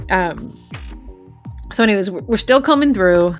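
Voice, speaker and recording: A woman's voice: mid-range voice, lively intonation, a little slow, long pauses, soft background music. A woman who works crime scenes, casually telling a gross work story with candid laughs.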